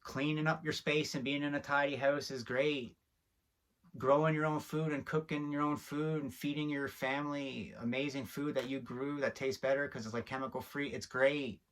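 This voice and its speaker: A man's voice: medium pitch, steady tone, moderate pace, fairly bright tone. A man hosting a video, giving a heated, preachy commentary straight to camera and getting worked up as he talks. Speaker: video host.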